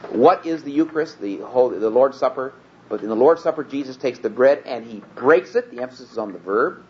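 A man teaching scripture in a sermon, earnest and emphatic, slowing down and rising in pitch when he reads the text aloud. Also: expressive. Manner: earnest, emphatic, slows and rises on quoted scripture. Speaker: Bible teacher. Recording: dull lo-fi recording with faint hiss.

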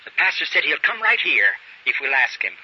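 A man's voice: mid-range voice, very animated, moderate pace. A man preaching a sermon, telling a story and acting out the characters' dialogue, on a dull lo-fi recording with faint hiss.

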